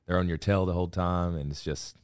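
A man of thirty from Alabama with a slight Southern US accent, chatting as a podcast guest in a relaxed, carefully enunciated way. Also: low voice, smooth, dry recording, studio quality. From Florence, Alabama, USA. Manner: relaxed, deliberately enunciated speech. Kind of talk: casual interview chat.

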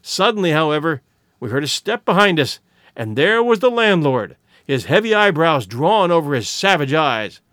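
A man narrating a story in an expressive audiobook reading. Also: a little high, normal speed, no room sound, clean studio sound.

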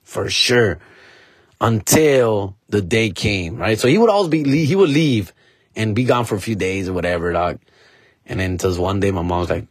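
A man's voice: low-pitched, animated, brisk, breathy edge, no room sound. A man, hosting a podcast and telling a story casually, dropping Spanish phrases and calling the listener "fool" and "dog". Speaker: podcast host.

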